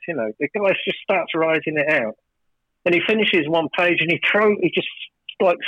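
A fairly high-voiced man reminisces in a casual interview, full of fillers and false starts. The sound is dry and close, a little dull and muffled. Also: no room sound. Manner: rambling, hesitant, many fillers and restarts; grows animated and emphatic telling a story. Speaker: record producer, guest.

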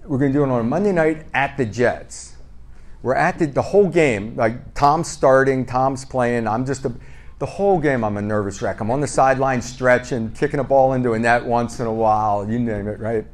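A man with a mid-range voice speaks at a moderate pace as a podcast guest, casually and playfully telling stories. He pokes fun at himself and acts out both sides of past conversations with lively "I go, he goes" re-enactments.

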